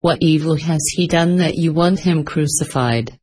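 Woman reading a formal, stern Roman governor; low, plain storybook delivery. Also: normal speed, warm tone, slightly rough. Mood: questioning. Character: stern male Roman governor addressing a crowd.

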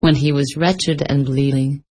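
A woman giving a steady scripted reading of a religious text, calling out verse numbers. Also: very deep voice, a little slow, low-quality recording. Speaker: scripture reader.

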